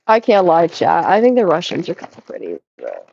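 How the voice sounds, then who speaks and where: Playful young woman with a gravelly edge. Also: lowish voice, wildly swooping pitch, fairly quick, mellow, no room sound, highs cut off. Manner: playful, teasing, rambling. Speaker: streamer. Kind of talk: casual chat while cleaning. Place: indoors at home.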